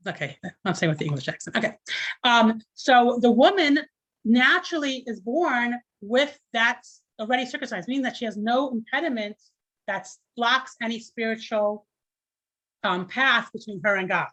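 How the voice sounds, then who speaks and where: A woman's voice: on the high side, expressive, moderate pace, a bit bright. A woman teaching an informal class, chatty and conversational, with many fillers and restarts.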